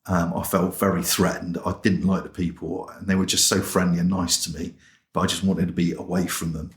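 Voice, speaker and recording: An English chaplain, appearing as an interview guest, tells his personal testimony as a story in a low, level, brisk voice. The room is echoey, and his plain-spoken, colloquial telling includes acted-out remembered dialogue.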